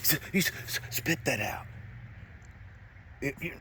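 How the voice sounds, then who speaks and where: A man outdoors pleads with and scolds his dog in a coaxing, exasperated way, his voice swooping from low mutters to high bursts. The recording is noisy, with outdoor ambience and a dog barking behind him. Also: lively intonation, a little slow, pushed and bright. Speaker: dog owner. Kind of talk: casual talk to his dog. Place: outdoors near a house and garage.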